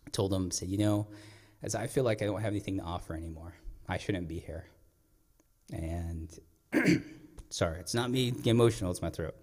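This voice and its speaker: A man's voice: low-pitched, darkish tone. A young man, a storyteller, telling a personal story on stage in an earnest, reflective way. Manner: earnest, reflective, pauses and clears throat. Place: performing arts center stage. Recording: long hall reverb.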